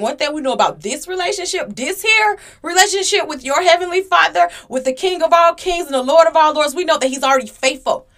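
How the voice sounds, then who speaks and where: A woman's voice: high voice, lively intonation, brisk, a bit bright. A woman hosting a Christian podcast, teaching, repeating phrases for emphasis and acting out little dialogues. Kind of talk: casual preaching monologue.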